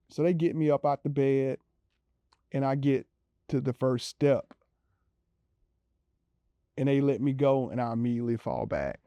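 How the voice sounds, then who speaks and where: A man telling his own story in a relaxed, conversational way, with many fillers and acted-out quotes of other people. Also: mid-range voice, moderate pace, pauses often, dry recording, highs cut off. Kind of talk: personal storytelling.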